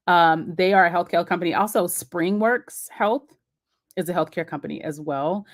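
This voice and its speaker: A woman's voice: lowish voice, normal speed. A woman hosting a casual live-stream Q&A, chatty and encouraging as she answers viewers' comments on the fly. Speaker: host of a live Q&A.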